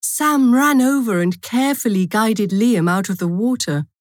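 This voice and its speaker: A woman narrating a short story for a language course in a clear, measured storytelling manner. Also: a little high, no room sound, clean studio sound.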